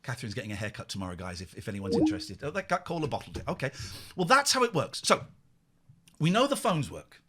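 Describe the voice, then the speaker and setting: A man's voice: mid-range voice, huge pitch swings, quick pace, a bit bright, husky. A man hosting a late-night live phone-in show, chatting and joking with callers in a teasing way. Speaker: radio phone-in host. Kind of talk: casual live phone-in chat.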